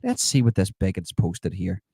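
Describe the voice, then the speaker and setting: A man's voice: low-pitched, big pitch swings, moderate pace, creaky, mellow, no room sound, clean studio sound, heavily acted. A man doing a sarcastic impression of a smug, mock-outraged politician, mocking comments in a live stream. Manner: sarcastic, mocking, reads comments and scoffs at them.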